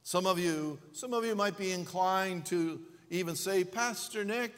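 A man preaching a sermon as pastor, speaking slowly and deliberately with dramatic pauses and swells. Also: high voice, fairly bright tone, big-room sound.

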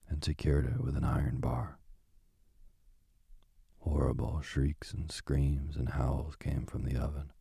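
A man reading a fairy tale aloud in a hushed, dramatic storytelling manner. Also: very deep voice, vocal fry, husky, dry recording, clean studio sound.

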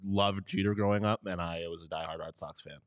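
A man's voice: deep voice, fairly even intonation, fairly quick, clear, resonant tone, no room sound, studio quality. A man co-hosting a sports podcast in casual chat, wry and chatty, breaking into laughs. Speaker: podcast co-host.

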